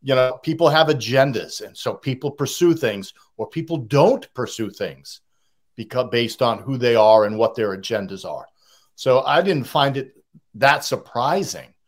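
A man's voice: medium pitch, lively intonation, normal speed. Middle-aged boston guy, blunt and cynical, just talking his mind. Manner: blunt, cynical, plain-spoken. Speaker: podcast guest. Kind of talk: opinionated casual talk.

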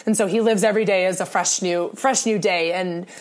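A woman's voice: medium pitch, steady tone, fairly quick. A young woman co-hosting a sports podcast, talking in an earnest, rambling way with many restarts. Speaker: podcast co-host. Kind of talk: casual sports podcast talk.

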